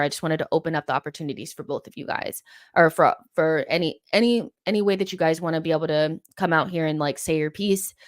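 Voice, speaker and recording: Low-voiced chatty woman live-stream host. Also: no echo, clean studio sound. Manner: chatty, many fillers and "like"s, opinionated. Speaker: host of a live fan Q&A show. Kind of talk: casual live-stream chat.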